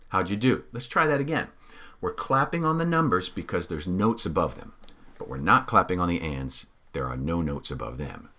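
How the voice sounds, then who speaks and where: Patient man counting rhythms in a lively sing-song. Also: deep voice. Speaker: music teacher. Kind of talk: counting-along music lesson.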